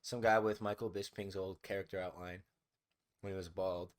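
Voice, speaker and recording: A man's voice: low voice, little pitch movement, moderate pace. A young man co-hosting a podcast, talking casually with dry, sarcastic, half-mumbled asides. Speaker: podcast co-host. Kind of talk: casual chat.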